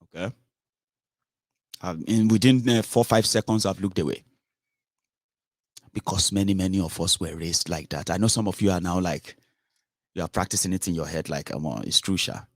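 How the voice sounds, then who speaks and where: Speaking with a Nigerian accent, a male political commentator delivers an animated, casual monologue, dropping in Pidgin and Yoruba phrases. His voice sits low and moves fairly quickly, captured dry and at studio quality with no echo.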